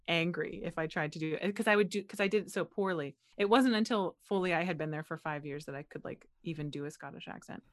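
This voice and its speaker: Chatty American woman, lowish voice. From Pennsylvania, US. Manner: animated, laughs often, frequent "like" fillers. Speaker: guest, actor and voiceover artist. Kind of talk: casual interview chat.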